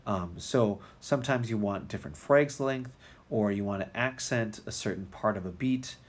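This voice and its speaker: A man's voice: fairly low pitch, moderate pace. A man teaching music theory in a recorded lecture, talking casually with many ums and restarts.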